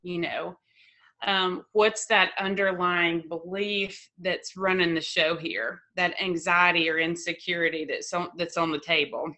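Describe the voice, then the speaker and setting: A woman's voice: on the low side, steady tone, measured pace, pushed and bright. A woman therapist guest explaining ideas thoughtfully in a conversation. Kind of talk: expert conversation.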